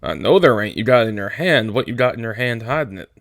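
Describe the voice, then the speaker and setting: A man voicing a small, irritable male ranch hand who scolds in a gruff, exasperated way. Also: mid-range voice, animated, quick pace, a bit bright, no room sound, studio quality. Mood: scolding.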